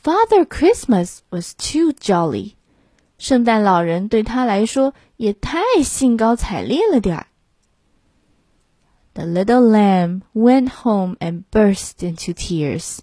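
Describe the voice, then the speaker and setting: Slow, clear storybook reader woman. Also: mid-range voice, expressive, dark tone, dry recording, clean studio sound. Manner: slow, clear read-aloud. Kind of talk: bilingual picture-book read-aloud.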